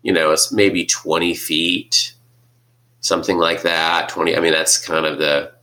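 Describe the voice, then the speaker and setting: A man with a very low voice and a bright, forceful edge. He talks casually and thinks aloud, circling back and restarting his sentences as he works through a Bible story. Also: level tone, unhurried. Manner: thinking aloud, hesitant, restarts, acts out quotes. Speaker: podcast co-host discussing scripture. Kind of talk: casual conversation.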